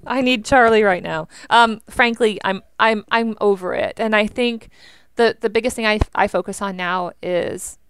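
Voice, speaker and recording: A young woman, a veteran, chatting in an interview with an animated, talkative manner full of "like". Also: medium pitch, moderate pace, slight background noise. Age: young adult. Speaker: veteran guest. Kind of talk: interview conversation.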